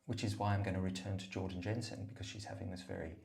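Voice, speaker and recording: Low-voiced man musing in a bathroom. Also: level tone, fast, vocal fry, echoey room. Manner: musing and meandering, self-mocking, drifting into soft murmurs. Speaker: brother recording a voice note. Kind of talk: rambling, reflective voice memo. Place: bathroom, at the bath. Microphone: phone voice note.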